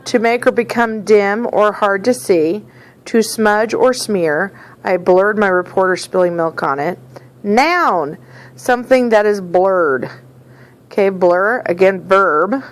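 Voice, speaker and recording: A woman's voice: mid-range voice, rough recording. A woman teacher walking students through a dictionary worksheet step by step, patiently checking in with them as she goes. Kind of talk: classroom dictionary lesson.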